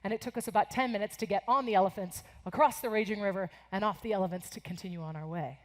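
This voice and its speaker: An American woman in her forties giving an energetic, animated motivational keynote to students in a large conference hall. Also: mid-range voice, quick pace. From United States. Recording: echoing convention hall.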